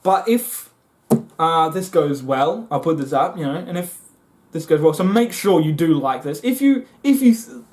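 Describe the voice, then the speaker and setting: A man vlogging a comic monologue to the camera, excitable and often jumping into high voices as he acts things out. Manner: excitable, jumps into high squeaky voices when acting things out.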